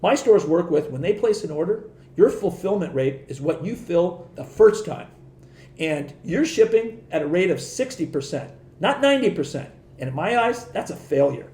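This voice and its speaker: Animated middle-aged man telling stories. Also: fairly high pitch, normal speed, reverberant. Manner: animated, laughs often, acts out quoted voices. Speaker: podcast guest. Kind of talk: casual storytelling.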